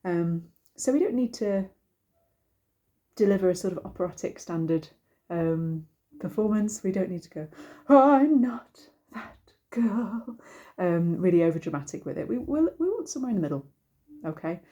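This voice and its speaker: A woman's voice: on the low side, lively intonation, brisk, mellow. A woman, a singing teacher, giving a casual and rambling lesson to camera with many ums and restarts. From United Kingdom.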